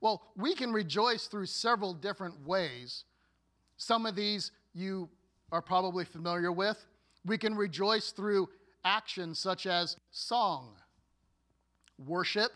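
A man preaching a sermon as a pastor, earnest and deliberate, with playful asides. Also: high voice, bright, forceful tone.

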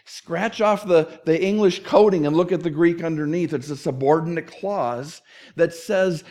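A middle-aged man preaches a sermon, his voice sitting a little high for a man. He tells stories with energy and slips into the voices of the people in them. It is a pastor's delivery, built for a congregation. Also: moderate pace. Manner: animated storytelling with acted-out quotes.

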